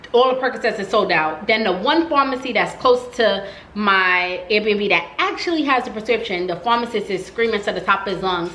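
Woman vlogger doing a chatty storytime, bright punchy voice, echoey room. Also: medium pitch, a little hiss or hum. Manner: chatty, animated, heavy use of "like". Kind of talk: casual storytime.

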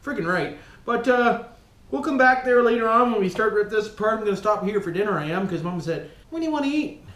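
A man's voice: high voice, brisk. A man hosting a casual workshop vlog, folksy and foul-mouthed, talking to his viewers as he works on an engine with tools. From Canada. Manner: folksy, swears a lot, keeps calling viewers "boys". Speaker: vlog host rebuilding an engine. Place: home workshop, working with tools. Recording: echoey room with loud tool clatter.

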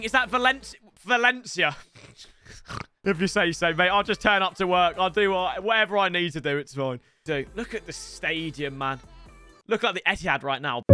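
Young man, high lively voice, bright tone, excitable gameplay commentary, shouty, faint game music behind. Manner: excitable, swearing, bursts into shouts. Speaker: gaming YouTuber.

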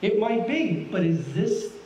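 Heard from afar in a spacious church sanctuary, a middle-aged guest pastor preaches unhurriedly in a high, animated voice, folksy and full of questions. Faint laughter rises from the congregation, and there's slight background noise.

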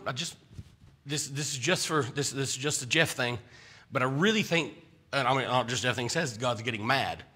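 A man's voice: mid-range voice, sharp tone, husky. A man preaching a conversational sermon in a church, often stumbling and restarting his words.

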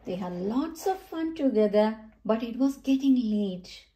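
Woman storybook reader, high sing-song voice, unhurried. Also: animated, warm tone. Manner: slow, sing-song, addressing children. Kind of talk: children's read-aloud narration.

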